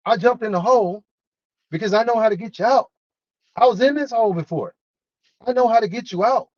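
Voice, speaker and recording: A man voicing a calm, experienced male army sergeant reassuring a young soldier. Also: high voice, fairly quick, no room sound, lo-fi sound, voice pushed up. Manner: reassuring, firm.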